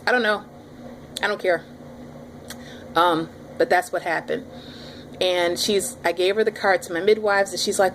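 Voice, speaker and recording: A pregnant woman in her thirties telling her audience a story in a casual, animated vlog. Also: medium pitch, moderate pace, pauses often, slight background noise. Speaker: vlogger.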